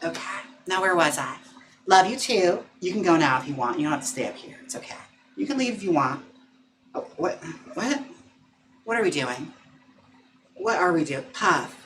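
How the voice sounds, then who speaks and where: A man's voice: lively intonation, moderate pace, long pauses, fairly bright tone, slight background noise. A man chatting casually and playfully on a livestream from home, laughing often and cooing at his dog. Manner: coos and coaxes his dog in a higher voice. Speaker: livestream host.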